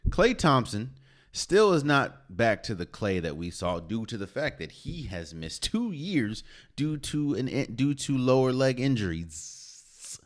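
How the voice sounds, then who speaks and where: A man's voice: medium pitch, very animated, a little slow. A man hosting a solo podcast, talking casually and conversationally, often repeating himself and restarting phrases. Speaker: podcast host. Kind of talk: solo sports talk.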